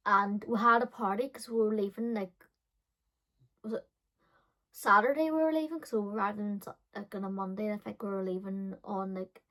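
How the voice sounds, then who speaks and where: A woman's voice: medium pitch, fairly even intonation, brisk, a bit bright. Chatty, dramatic woman vlogger. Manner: dramatic, chatty, lots of "like" fillers. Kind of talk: casual storytime chat.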